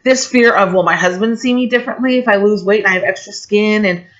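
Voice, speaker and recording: A woman's voice: medium pitch, fast talker. A woman in her forties talking candidly and emotionally in a personal vlog, rambling with restarts. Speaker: vlogger. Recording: dull lo-fi home recording.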